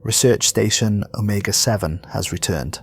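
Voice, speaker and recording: A guarded fleet commander, as a gravelly-voiced narrator puts him on, gives orders in a clipped, authoritative way. His voice stays low and rough. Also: moderate pace, no echo. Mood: stern. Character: guarded male fleet commander briefing troops.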